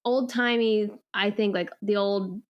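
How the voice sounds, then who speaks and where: Brief: slow, hesitant, giggly woman co-host, relaxed chat. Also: mid-range voice, lo-fi sound. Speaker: podcast co-host. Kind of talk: casual chat.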